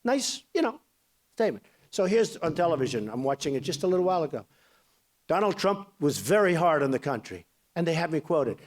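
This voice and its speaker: A man in his sixties delivers a loose, rambling campaign speech, bragging freely and drifting off on tangents. His voice sits fairly high for a man, and his delivery stays chatty rather than formal. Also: sing-song, brisk. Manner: boastful, rambling, conversational. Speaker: political candidate.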